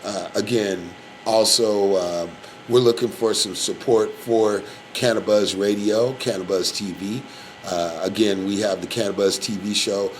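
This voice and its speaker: Male live radio host, lower voice, loose and filler-heavy, slight noise. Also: steady tone, measured pace, rough recording. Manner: rambling, filler-heavy, shout-outs. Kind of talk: casual live radio talk.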